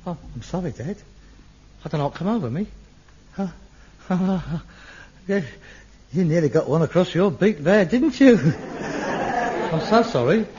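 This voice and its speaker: A middle-aged man, acting in an old TV sitcom, theatrical and excitable, muttering one moment and ranting the next. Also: high-pitched, measured pace, pauses often, a faint crowd. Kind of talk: 1960s-70s TV sitcom acting. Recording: lo-fi archive TV sound with faint hiss.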